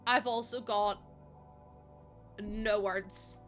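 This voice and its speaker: Young streamer, woman, bright crisp tone, excitable and quick to laugh. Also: mid-range voice, faint music behind. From Northern Ireland. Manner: excitable, gushing, breaks into laughter. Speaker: livestreamer. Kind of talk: casual livestream chat.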